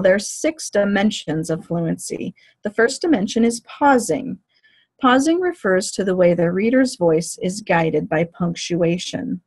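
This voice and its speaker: A woman lectures to teachers in a steady, measured, explanatory manner. Her voice sits in a middle register with a slightly husky edge. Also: medium pitch. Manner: clear, measured explanatory delivery. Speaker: teacher educator. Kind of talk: lecture on reading fluency.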